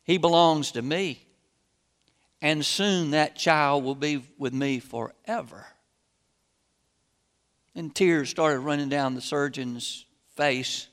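A man preaches with a slow, deliberate delivery that swings from loud outbursts to near-hushed lines. His voice sits a little high for a man, and it rings with a long reverb from a large hall. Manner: slow, dramatic, rising to loud outbursts and dropping to hushed tones. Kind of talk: sermon with told story.

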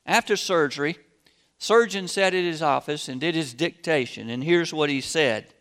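A man preaching a sermon and telling a story, slow and dramatic, swinging from loud outbursts to hushed tones. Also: on the high side, big-room sound.

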